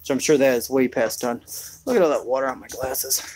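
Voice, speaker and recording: A man's voice: medium pitch, fairly quick, darkish tone, slight background noise, poor audio. A man rambling through a laid-back live chat outdoors in his rainy backyard, full of fillers. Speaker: homesteading vlogger.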